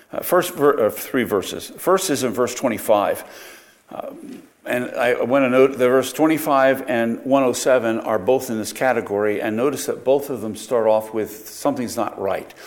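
A man teaching a Bible study lecture, explaining verses with frequent rhetorical questions and self-corrections. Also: medium pitch.

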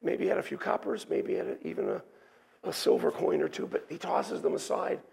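A pastor delivers an expository sermon, working through a scripture passage verse by verse like a teacher, with asides and restarts. His fairly high voice is sing-song, brisk, gravelly and a little mellow.

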